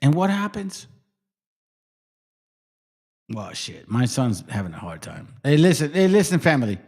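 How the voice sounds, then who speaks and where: A man hosting a casual livestream, his voice sitting a touch above the usual male range. He rambles in a loose, profane way, often dropping to a low mutter before picking back up. The tone is relaxed and unscripted. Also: measured pace. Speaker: livestream host.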